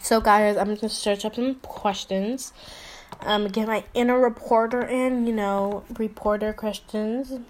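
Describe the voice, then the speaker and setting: A woman's voice: medium pitch, fairly even intonation, unhurried, a little hiss or hum, poor audio. A teenage girl hosting a pretend talk show, rambling and giggly, with lots of fillers. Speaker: host. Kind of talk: casual chat with mock interview.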